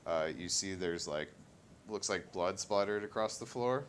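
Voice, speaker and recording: A man narrating as game master of a tabletop role-playing game, in a casual, halting way full of fillers. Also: deep voice, slight background noise.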